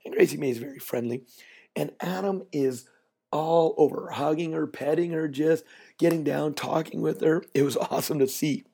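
Gravelly man spinning a yarn. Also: a little high, normal speed, dark tone. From Canada. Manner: folksy, chatty storyteller who builds to a moral. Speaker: podcast host. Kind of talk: storytelling monologue with a business lesson.

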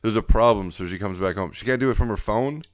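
A man's voice: lowish voice, quick pace, no echo. A man co-hosting a podcast, chatting casually with dry, sarcastic humor. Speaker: podcast co-host. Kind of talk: casual comedic chat.

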